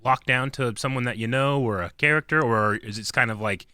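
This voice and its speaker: A man co-hosting a podcast in casual chat, jokey and quick to laugh. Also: mid-range voice, bright, forceful tone, no room sound, studio quality. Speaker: podcast co-host.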